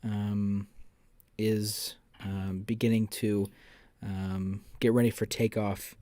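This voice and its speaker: A man narrating a tabletop role-playing game as game master, describing scenes to the players in a measured second-person voice. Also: on the low side, level tone, mellow, no room sound.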